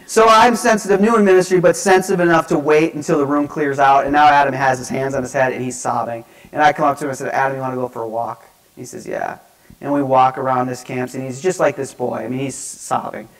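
A man giving a lecture, telling stories in an animated, self-mocking way that swings between hushed and loud. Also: medium pitch, rough recording. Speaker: speaker at a divinity school lecture. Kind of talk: storytelling lecture. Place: lecture hall.

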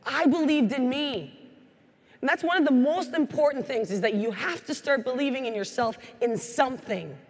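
Energetic woman speaking in a reverberant hall. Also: high voice, moderate pace, breathy edge. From Canada. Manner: energetic storytelling, acting out quoted voices. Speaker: keynote speaker. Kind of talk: motivational keynote speech. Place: large hall.

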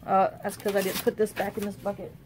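A woman talks her way through a casual crafting tutorial at a steady middle pitch. She rambles and thinks aloud, with her voice often sinking to a low mutter as she works. A faint hiss sits under the recording. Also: fast. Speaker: crafting channel host.

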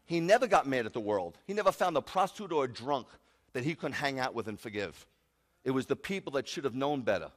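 A man's voice: medium pitch, animated, fast. A man, a rabbi, preaching a sermon in an emphatic, joking way, recorded in a sanctuary with long reverb. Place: congregation sanctuary.

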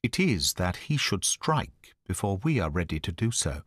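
A man's voice: low voice, big pitch swings, normal speed, a bit bright, breathy edge, no room sound, clean studio sound, full character voice. A man voicing an intense, commanding male detective in an audiobook reading, speaking in urgent, clipped lines. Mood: grave.

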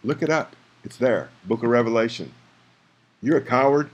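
A man's voice: mid-range voice, expressive, normal speed, muffled recording, heavy background noise. A man in a frustrated, preachy rant to his viewers, firing rhetorical questions and urging them to act. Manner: trails off into mutters, then rises to urgent pleas. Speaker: vlogger.

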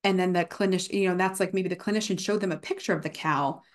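A woman's voice: fairly low pitch, steady tone, quick pace. A young woman giving a casual university guest lecture, with many fillers, now and then acting out examples of speech errors.

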